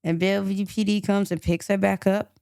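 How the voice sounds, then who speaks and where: A woman co-hosting a podcast, telling a true crime story in an animated way and acting out the quotes. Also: mid-range voice, fairly quick, creaky, clean tone, no echo, clean studio sound. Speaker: podcast co-host.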